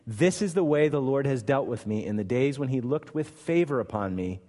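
A man preaching a sermon, acting out the Bible's dialogue with bursts of loud emphasis. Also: medium pitch, moderate pace. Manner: animated, acts out scripture dialogue with sudden loud emphasis. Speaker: pastor. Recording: long hall reverb.

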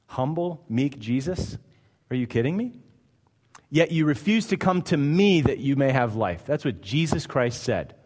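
A man's voice: mid-range voice, animated, moderate pace, few pauses, darkish tone. Man preaching in a reverberant hall. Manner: emphatic, conversational preaching with rhetorical questions. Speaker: pastor. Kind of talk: sermon.

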